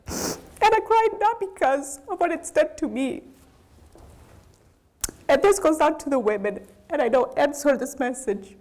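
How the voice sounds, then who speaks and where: A woman with a Brazilian accent, a business owner giving a candid, animated lecture to students. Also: high-pitched. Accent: Brazilian Portuguese. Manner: animated, candid storytelling with acted quotes.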